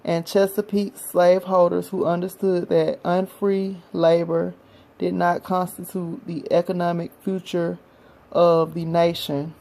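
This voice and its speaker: Woman vlogger, out of breath, earnest and weary, lowish mellow voice. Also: gravelly, poor audio. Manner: earnest, speaks directly to viewers, tired. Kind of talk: reading a history text, then casual talk to viewers.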